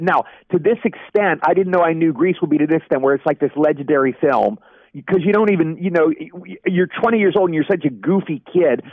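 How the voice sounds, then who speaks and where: A man in his sixties telling animated anecdotes as an actor in a casual interview, acting out the people he quotes. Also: on the high side, no room sound. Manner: animated anecdote teller, acts out quoted voices. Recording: dry, dull lo-fi audio.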